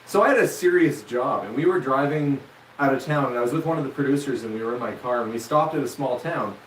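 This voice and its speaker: A man's voice: medium pitch, fast, recorded from a distance, a little hiss or hum. A middle-aged man, telling stories in a casual live-stream chat and acting out the quotes with jokes. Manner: animated, jokey, acts out quotes. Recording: echoey room, voice from off the mic.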